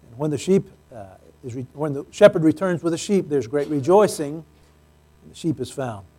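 A man's voice: on the high side, expressive, normal speed, dark tone. A man, a pastor, preaching a sermon in a conversational way with joking asides.

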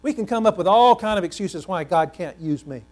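Lively preaching man, slightly high voice. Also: brisk. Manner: animated, swings between loud and hushed; repeats words for emphasis, asks the congregation questions. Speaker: pastor. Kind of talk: sermon.

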